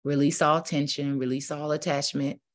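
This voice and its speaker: A woman spiritual teacher, preaching with rising fervor and then leading a slow, calm guided meditation. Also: deep voice.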